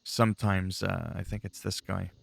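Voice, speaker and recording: A man with a low, heavily gravelly voice rambles casually while he plays, chatty and free with his swearing. Faint game music plays underneath his talk. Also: level tone, moderate pace, no echo. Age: adult, long-time player. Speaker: gaming channel host. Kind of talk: casual gameplay commentary.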